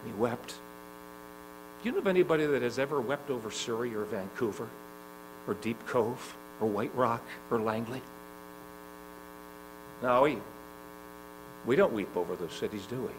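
A man preaching a sermon in a gospel hall, rising to loud urgent climbs and dropping to slow, soft lines, often repeating himself and asking the listeners questions. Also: mid-range voice, lively intonation, a little hiss or hum. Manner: repeats phrases, asks the congregation questions.

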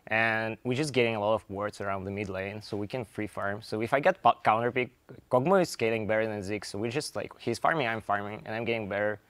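A young man, slightly hoarse, answering interview questions as a player, rambling with lots of fillers. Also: lowish voice, fast talker, a bit bright, dry recording. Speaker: esports player. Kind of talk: post-match interview.

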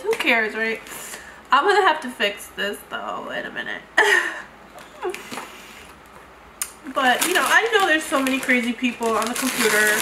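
A woman's voice: on the high side, very animated, a little slow, pauses often, pushed and bright, roomy sound, a little hiss or hum, poor audio. A woman beauty vlogger chatting through an unboxing, gushing and exclamatory as she talks to her viewers. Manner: gushing, effusive, frequent exclamations. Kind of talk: unboxing vlog chat.

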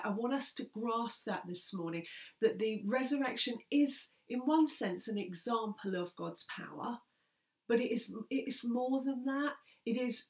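A woman's voice: medium pitch, creaky. A woman pastor preaching an earnest sermon, repeating key phrases for emphasis and sometimes dropping almost to a whisper.

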